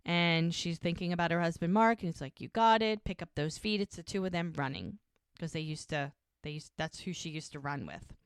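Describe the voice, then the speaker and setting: A woman's voice: low voice, fairly quick, clear, resonant tone, dry recording, clean studio sound. A woman co-hosting a podcast, chatting casually as she retells a TV episode scene by scene. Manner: chatty retelling, acts out quoted lines. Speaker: podcast co-host.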